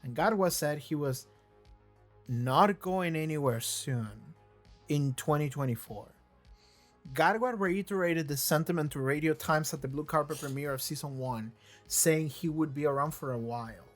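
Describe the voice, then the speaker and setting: A reaction video host talking casually and excitably, rambling and swearing often, and at times reading wiki text aloud. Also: medium pitch, moderate pace, faint music behind. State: voice briefly cracking.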